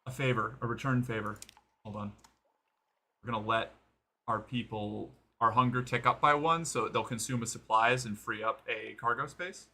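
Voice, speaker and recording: A man's voice: mid-range voice, steady tone, normal speed, bright, forceful tone. A man streaming live, chatting casually to his viewers while playing a game. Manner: chatty, talks to chat while playing and exercising.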